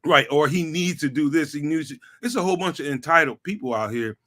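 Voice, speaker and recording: A man guesting on a sports talk show, talking in an animated, slangy way and repeating phrases for emphasis. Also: on the high side, fairly quick. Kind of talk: casual sports talk chat.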